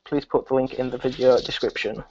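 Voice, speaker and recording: A man's voice: mid-range voice, level tone, fairly quick, darkish tone, lo-fi sound, slight background noise. A man hosting a live stream from a relative's house, chatting to viewers in a rambling way. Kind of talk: casual live stream chat.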